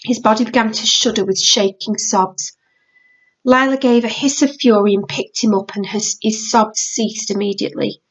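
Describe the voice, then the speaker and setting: A woman reading a children's novel aloud in a measured storytelling manner. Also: medium pitch. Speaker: reader. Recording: dull lo-fi audiobook recording.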